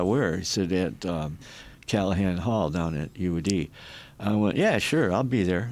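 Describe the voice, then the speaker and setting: An older man with a very low voice tells rambling stories as an interview guest. He circles back on his words, restarts sentences, and acts out what other people said. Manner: rambling anecdotes with restarts and acted quotes. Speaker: guest, former rock roadie and photographer. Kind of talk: storytelling in a podcast interview.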